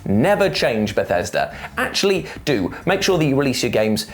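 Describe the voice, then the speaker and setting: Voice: mid-range voice, very animated, normal speed. A video narrator, giving jokey scripted commentary with playful asides.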